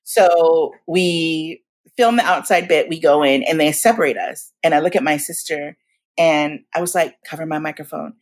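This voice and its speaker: A woman in her forties telling stories in casual chat as a guest, animated and laughing often, acting out the voices of people she quotes. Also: deep voice, normal speed. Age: 40s. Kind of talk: casual storytelling.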